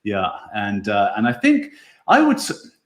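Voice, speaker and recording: A man's voice: on the low side, huge pitch swings, a little slow, fairly bright tone, echoey room. A man hosting a casual online show, musing over viewer comments in an easygoing way and chuckling often. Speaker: podcast host.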